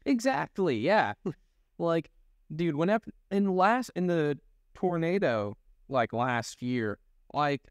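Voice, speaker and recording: Animated young man telling rambling jokes. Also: on the high side, slow, smooth, no echo, studio quality. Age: young adult. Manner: animated, laughing, rambling storyteller. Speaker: podcast co-host and voice actor. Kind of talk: casual comedic chat.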